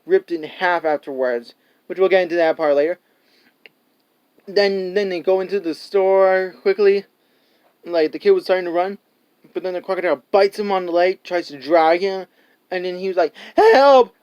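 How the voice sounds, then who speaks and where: Male reviewer, high smooth voice, loose rambling recap, acts out scenes. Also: a little mellow, lo-fi sound. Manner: rambling, full of "like" and restarts; laughs often and acts out scenes. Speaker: movie reviewer. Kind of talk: casual spoken movie review.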